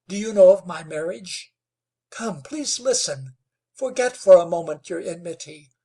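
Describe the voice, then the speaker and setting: A man's voice: sits high, lively intonation, measured pace, mellow, slightly rough, voice pushed up, full character voice. A man voicing a young frontier woman who pleads earnestly for mercy. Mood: pleading.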